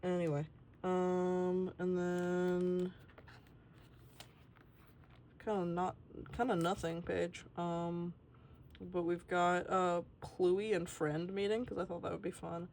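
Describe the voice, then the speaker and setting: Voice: mid-range voice, a little mellow, slight background noise. A young adult artist giving a casual, rambling tour of a sketchbook and swearing freely along the way.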